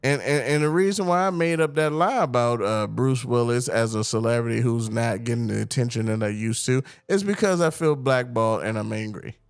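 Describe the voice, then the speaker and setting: A man hosting a podcast in casual chat, talking in an animated, profane way and often mimicking other people's voices. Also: mid-range voice, fairly quick, few pauses, smooth, dry recording, studio quality. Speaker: podcast host.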